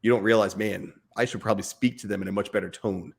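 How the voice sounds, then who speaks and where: An earnest man in his thirties, his voice sitting a little low. He talks through fatherhood in a relaxed conversation, speaking in bursts as he pushes a point. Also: fast talker, gravelly, husky. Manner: earnest, speaks in bursts, imitates barking dad voice. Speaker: podcast co-host. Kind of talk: casual chat.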